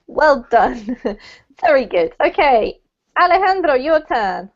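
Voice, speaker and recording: A woman's voice: high-pitched, sing-song, slow pace. A woman teaching pronunciation to a small online group, giving encouraging feedback over a video call. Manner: encouraging, gives gentle feedback. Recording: muffled video call audio.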